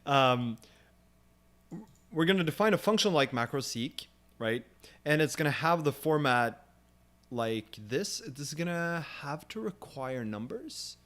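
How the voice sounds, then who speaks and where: A young man hosting a live coding session, thinking aloud as he explains code and works through ideas, often pausing with fillers and restarts. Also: a little high, expressive, fairly bright tone. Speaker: programming stream host.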